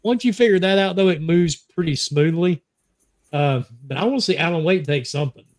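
A man's voice: fairly high pitch, brisk. A man co-hosting a casual gaming chat, joking but earnest about games.

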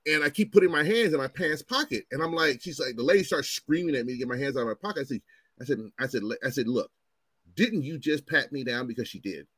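A man's voice: medium pitch, fast talker, breathy edge, no echo. Guy in his 40s ranting about cops, voice jumps all over, swears a lot, dry close sound. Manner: animated, profane, acts out quotes in raised voices. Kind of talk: casual chat, storytelling.

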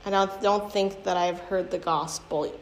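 A woman's voice: lowish voice, fairly even intonation, normal speed. A young adult woman giving a candid, conversational personal testimony, often using fillers as she talks. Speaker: speaker sharing a testimony. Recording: echoey room with faint ambient noise.

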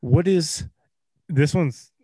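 A man's voice: on the high side, drawn-out words, warm tone, husky, dry recording. A man co-hosting a podcast in casual chat, laid-back and tagging "mate" onto his lines. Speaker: podcast co-host.

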